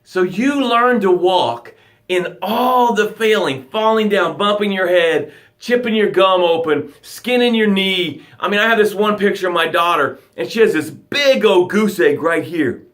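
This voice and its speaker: A male motivational coach speaking live to his viewers, with a voice that sits a little high for a man. He talks dramatically, pushing hard with rising emphasis and then sinking into quiet, hushed guidance. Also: measured pace. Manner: dramatic, swings from loud urging to soft hushed guidance. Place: home livestream. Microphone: phone or webcam, live broadcast.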